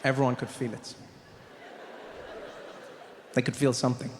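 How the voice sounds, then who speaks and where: A male stand-up comedian telling a story in an animated way, building to loud punchlines and slipping into character voices. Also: medium pitch, normal speed, over a noisy crowd. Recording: echoey stage with audience noise.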